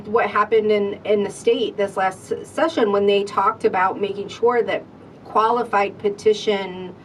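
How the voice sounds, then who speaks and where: A woman co-hosting a podcast, chatting casually and backing up her partner with quick interjections. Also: fairly even intonation. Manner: quick supportive interjections, laughs along. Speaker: podcast co-host. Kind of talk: casual chat. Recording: distant mic with faint low rumble.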